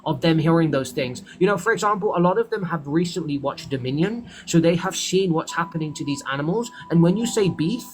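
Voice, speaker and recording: A man's voice: fairly high pitch, expressive, fairly quick, few pauses, slight background noise. A man hosting a livestream, lecturing a caller in a pushy, insistent way and calling him sir. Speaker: livestream host.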